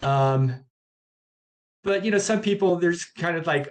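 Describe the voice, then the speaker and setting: A man's voice: a little high, measured pace, pauses often. A man, a chiropractor guest in a casual interview, who talks hesitantly with many fillers but gets blunt.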